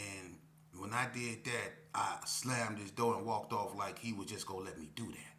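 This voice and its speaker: A man with a lowish voice spins a candid, slangy story. His tone is bright and punchy, and he repeats himself as he goes. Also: normal speed, slight background noise. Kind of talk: casual spoken storytelling.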